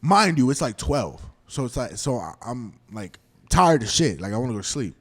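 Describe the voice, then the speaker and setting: A man casually telling a long, animated story to friends on a podcast, swearing often and acting out the quotes. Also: mid-range voice, moderate pace, husky. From Florida. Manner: animated, slangy, swears a lot, acts out quotes. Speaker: podcast host.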